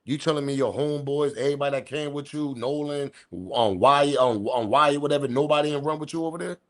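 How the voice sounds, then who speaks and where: A man's voice: on the high side, fairly quick, a bit bright. A man hosting a live-stream commentary show, talking in incredulous, argumentative street slang. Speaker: commentary channel host.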